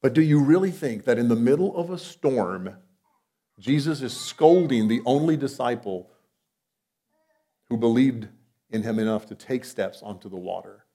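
A man preaches at normal speed in a conversational style. He uses rhetorical questions and switches between emphatic, loud lines and soft asides spoken low.

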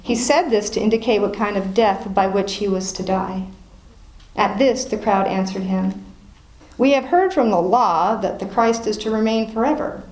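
Leading a Bible study in a roomy space, this woman speaks at a moderate pace in a mid-range, slightly mellow voice. She reads passages aloud, then explains them and quizzes the group, teaching from scripture. Faint noise and a roomy echo are audible.

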